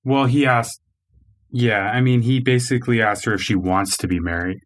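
A man co-hosting a podcast, giving his opinions in casual chat, measured and hedging with "I mean.". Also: medium pitch, steady tone. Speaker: podcast co-host.

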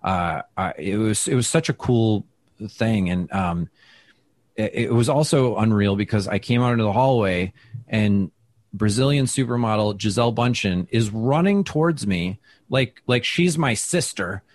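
A man from Wisconsin, a comedian telling a story in an interview, animated and full of fillers and quoted asides. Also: lowish voice, normal speed. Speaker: comedian guest.

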